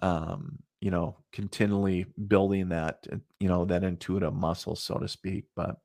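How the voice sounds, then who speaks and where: A man's voice: deep voice, level tone, normal speed, gravelly, a little mellow, no room sound, clean studio sound. A middle-aged man, a psychic medium, telling stories in a casual, rambling way, with many fillers and asides, laughing at his own tales. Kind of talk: casual storytelling in an interview.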